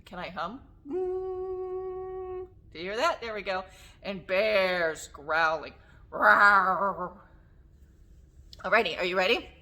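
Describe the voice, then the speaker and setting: A woman with a slightly hoarse voice leading a children's story time, singing songs, making animal sounds and reading a picture book aloud in a coaxing sing-song way. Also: fairly low pitch, normal speed, fairly bright tone. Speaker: children's librarian. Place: public library story room.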